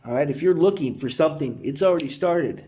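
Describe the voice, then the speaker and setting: Guy leading breathwork, mellow voice, encouraging, casual "man" and "dude" talk. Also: fairly high pitch, fast. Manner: earnest, encouraging, casual slang. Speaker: breathwork facilitator. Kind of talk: guided breathwork session.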